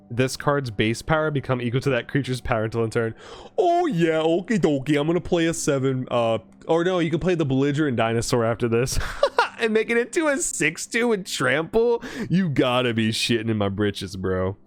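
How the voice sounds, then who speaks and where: A young man casually narrating a card pack opening, reading card text aloud quickly and reacting with excitement. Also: medium pitch, smooth. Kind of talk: casual commentary while opening card packs.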